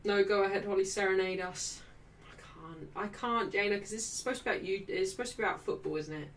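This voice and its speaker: A young woman hosts a live football watchalong, reacting excitably to the play and reading viewers' chat messages aloud. Her medium-pitched voice comes quickly and sounds distant from the mic.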